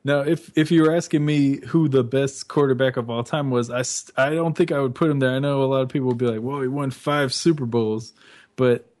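A man's voice: mid-range voice, steady tone, a little mellow. A man co-hosting a sports radio show in casual chat, hesitant and full of fillers as he weighs his views. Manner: hesitant, filler-heavy, measured opinions. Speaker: radio co-host.

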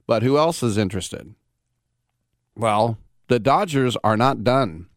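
A man's voice: mid-range voice, lively intonation, takes it slowly, no echo, studio quality. A man hosting a sports talk radio show, rambling in a brash, casual way and firing off rhetorical questions.

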